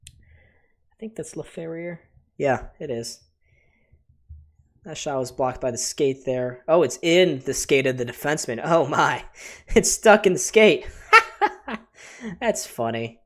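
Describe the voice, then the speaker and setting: A man calling a hockey game live for his stream viewers. His play-by-play is chatty and loose, and he keeps addressing the audience as folks while the action unfolds. His pitch sits in the middle of the range. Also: slow, pauses often. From Buffalo area, USA. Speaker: livestream host. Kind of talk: live play-by-play reaction commentary.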